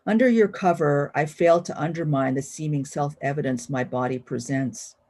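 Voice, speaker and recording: A woman poet reading her own poetry at a live-streamed event, slow and deliberate, with lines trailing off quietly, heard over a video call. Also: low-pitched. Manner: slow, deliberate reading with hushed line endings.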